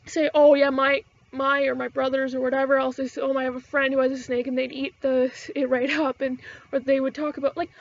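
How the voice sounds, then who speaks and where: A high-pitched woman rants to her camera in a casual vlog, rambling and indignant, with plenty of swearing and restarts. The sound is dull and lo-fi. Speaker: vlogger.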